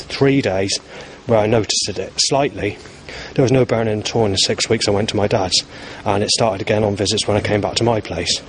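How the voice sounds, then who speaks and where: A man recording a rambling spoken diary outdoors in town, agitated and swearing heavily. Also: on the low side. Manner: agitated, heavy swearing, bursts of anger. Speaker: vlogger recording his day. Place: outdoors in town, at streets, stations and bus stops. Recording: outdoor street noise and passing vehicles.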